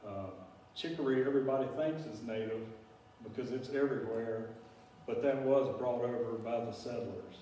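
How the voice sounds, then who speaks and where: A man with a mellow, mid-range voice gives a casual talk about plants to a small local group, rambling in a folksy way and leaning heavily on fillers. He speaks at normal speed with few pauses, and the distant mic picks up room echo and faint hiss.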